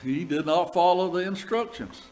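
An older man preaches a sermon in a slightly high voice. He tells stories from his own ministry and reads scripture aloud, turning to the congregation with quick asides. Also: animated, a little mellow, low-quality recording. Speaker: pastor.

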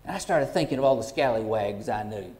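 A middle-aged man, a pastor telling a personal story in a sermon in a folksy, heartfelt way that swings from hushed to loud. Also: on the low side, expressive, a little fast.

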